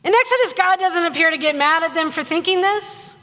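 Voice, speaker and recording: A woman pastor giving a sermon in a conversational, wry storytelling way, acting out quotes with lively voices. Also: very high voice, fairly quick, long reverb tail. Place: church sanctuary.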